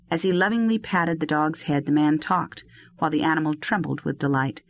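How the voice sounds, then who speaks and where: A woman narrating an audiobook of a classic novel in a measured, steady way, close to the mic. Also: deep voice.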